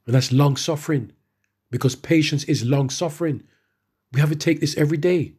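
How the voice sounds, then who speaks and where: A man preaching a sermon, reading scripture verses slowly and then preaching with emphatic rises in his voice. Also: on the high side, darkish tone, husky.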